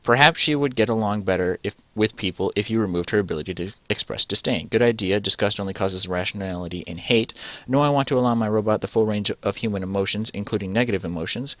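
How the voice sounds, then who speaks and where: Low-voiced young man reading a text game aloud. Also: quick pace, fairly bright tone, no room sound. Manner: rambling, self-interrupting, swears casually. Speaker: let's-play host.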